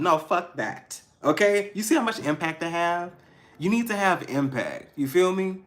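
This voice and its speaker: A man with a slightly high voice gives a loose, animated pep talk as a tarot reader. He talks in street slang and swears freely for emphasis. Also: normal speed. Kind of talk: casual spiritual pep talk.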